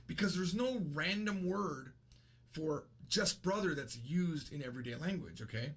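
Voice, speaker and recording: This language teacher from the United States is in his thirties and talks through a loose, rambling video lesson, chatty and often fixing his own words. His pitch is fairly high and breathy at the edges, his intonation lively, and his pace moderate.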